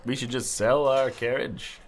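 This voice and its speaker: A man playing a tabletop game with a dry, understated deadpan. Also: mid-range voice, measured pace. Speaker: player. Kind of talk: casual tabletop play.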